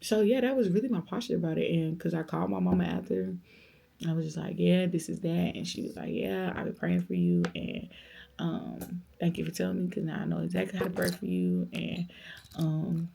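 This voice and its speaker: A young woman vlogger telling a personal story in a casual chat, lively and dramatic as she acts out the quoted voices of others. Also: on the low side, fairly quick, gravelly, slightly rough. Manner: faith-filled, speaks of God, conversational.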